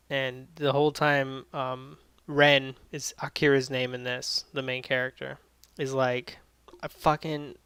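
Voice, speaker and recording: A man's voice: mid-range voice, a bit bright, clean tone, no echo. A man casually recapping and reviewing an anime episode, rambling with lots of fillers and swearing freely.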